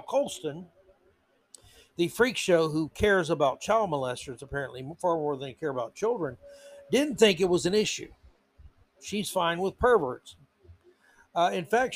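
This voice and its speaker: A male podcast host with a notably high voice rants through an indignant commentary monologue. He hammers his points with repeated words. The sound is close and dry, with no room echo. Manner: indignant ranting with emphatic repetition.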